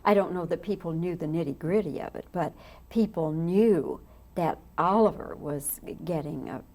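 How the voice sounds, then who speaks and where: A woman interviewer chatting gently with her guest and directing how the shoot will run. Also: lowish voice, moderate pace. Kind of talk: interview chat.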